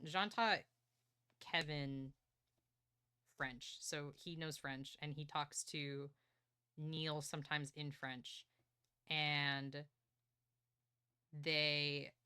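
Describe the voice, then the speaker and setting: A young woman streamer casually recapping a novel, excited and swearing, acting out characters' lines. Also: low-pitched, drawn-out words, long pauses, clear, resonant tone, no room sound, clean studio sound. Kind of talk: casual book recap chat.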